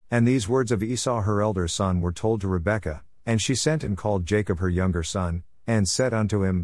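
Low voiced guy reading the bible steady and slow, dry close sound. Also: no echo. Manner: steady measured reading with rising phrase openings. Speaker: scripture reader.

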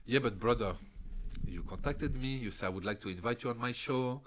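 A middle-aged man, a podcast guest telling animated stories in broken English and laughing often. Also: mid-range voice, brisk, a little hiss or hum. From France. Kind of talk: casual interview chat.

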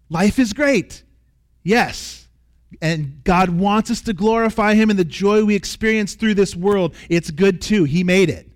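A pastor preaching a sermon with earnest, emphatic repetition, sometimes dropping to a soft near-whisper. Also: male voice, high-pitched.

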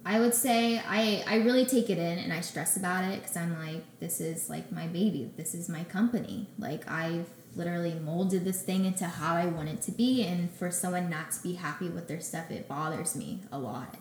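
A young woman telling her story as a guest in a casual interview, acting out her own quotes with animated energy. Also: fairly low pitch, normal speed, hardly any pauses, a little hiss or hum. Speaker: guest, baker and business owner. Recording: echoey room with faint ambience.

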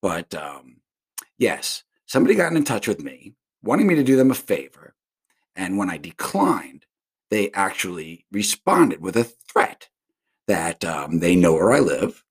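Husky, rambling man ranting solo. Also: low-pitched, sing-song, unhurried. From South Florida. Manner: profane, rambling, restarts and tangents. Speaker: podcast host. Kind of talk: casual solo monologue. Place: home.

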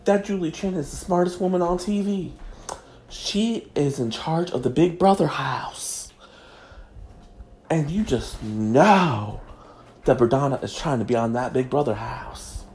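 A woman's voice: low-pitched, a little slow, darkish tone. A woman delivering a sassy, mock-prim comedic gossip monologue as host.

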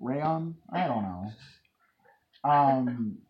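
Lively, joking woman podcast host. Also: rumbling low, very slow, muffled recording. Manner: animated, joking, swears casually. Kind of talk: casual podcast chat.

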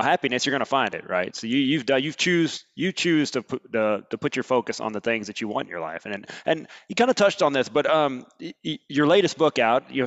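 Male host, animated and quick, stammering eager delivery, muffled lo-fi sound. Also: medium pitch. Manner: enthusiastic, stammers and restarts. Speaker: podcast host. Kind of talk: casual interview chat.

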